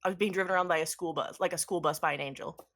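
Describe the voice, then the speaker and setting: A woman's voice: fairly low pitch, fairly even intonation, rapid-fire, a bit bright. Woman player, playful, casual, tabletop game.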